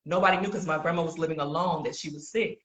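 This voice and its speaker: A woman tells a faith story in a relaxed, conversational way. Her tone is bright and forceful, and she acts out the people she quotes as she goes. The room around her is echoey. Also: deep voice, fast. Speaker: podcast guest sharing testimony.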